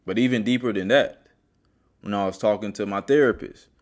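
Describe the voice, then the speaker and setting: A deep-voiced man delivers a motivational monologue and speaks straight to the listener. He talks earnestly, like a self-help host telling a story from his own life. His low voice stays steady as he works through his point. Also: fairly quick. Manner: earnest, storytelling, addresses viewer directly.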